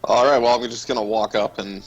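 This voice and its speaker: A man taking part in a tabletop role-play as a player, speaking his character's lines in his own relaxed voice. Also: medium pitch, a little fast, highs cut off. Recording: faint music behind.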